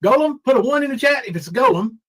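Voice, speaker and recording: Very high-pitched and sharp, with lively intonation and a slightly rough edge, this man in his forties talks rapid-fire on his casual livestream. In a low-quality recording, he rambles about his problems, reads viewer names aloud, and fake-cries now and then.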